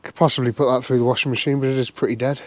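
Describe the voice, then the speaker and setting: Rapid-fire with a level tone and a mid-range voice, a man vlogs amid slight background noise. Poking around an old car in a cold scrapyard, he keeps the wry, chatty commentary going for the camera and mutters to himself.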